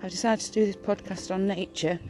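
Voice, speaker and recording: A woman's voice: mid-range voice, steady tone, fairly quick, low-quality recording. Breathless woman podcasting outdoors. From Peak District, England. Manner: gentle, encouraging, chatty. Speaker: podcast host. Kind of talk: casual outdoor podcast talk. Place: small wood outdoors, birds around, distant traffic.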